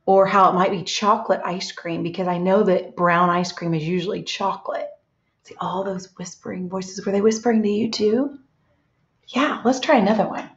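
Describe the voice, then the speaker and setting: Gentle woman teaching young kids. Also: mid-range voice, steady tone. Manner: slow, gentle, asks children questions and pauses. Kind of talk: read-aloud lesson for young children. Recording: echoey, dull lo-fi room sound.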